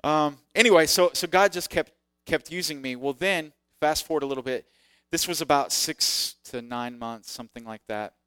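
In a self-deprecating sermon story, a man preaches his testimony, animatedly performing the voices of the people he describes. His voice is a little high and clean-toned, at a moderate pace. The studio-quality recording has no echo.

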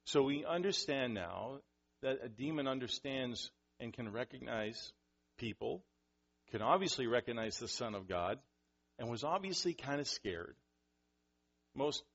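Animated husky-voiced male preacher. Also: mid-range voice, measured pace, pauses often, lo-fi sound. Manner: animated, acts out scenes with sudden loud bursts. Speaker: pastor. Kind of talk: sermon.

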